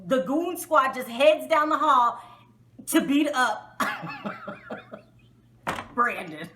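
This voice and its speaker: High, lively, bright-voiced woman vlogger. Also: drawn-out words, noisy background. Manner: animated, exasperated, outspoken, frequent laughter. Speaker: reality TV reviewer, vlog host. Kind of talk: casual spoken show review.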